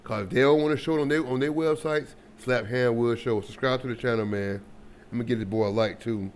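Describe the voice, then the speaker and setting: A man's voice: mid-range voice, fairly even intonation, fairly quick, slight background noise. A man hosting a reaction video, chatting casually with slang and jokey asides.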